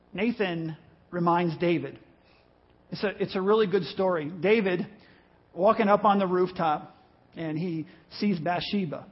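A male pastor preaching a sermon in a church service, telling a story in an animated way and acting out the voices in it. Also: high-pitched, slightly rough, highs cut off.

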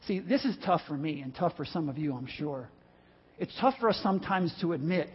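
A male pastor preaching a sermon in a church service, telling a story in an animated way and acting out the voices in it. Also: fairly high pitch, fairly quick, slightly rough, dull audio.

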